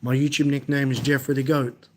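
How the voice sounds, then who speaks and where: A young Australian man with an Australian accent, chatting casually on a live stream and answering viewers' comments in a halting, repetitive way. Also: medium pitch, level tone, darkish tone, slight background noise.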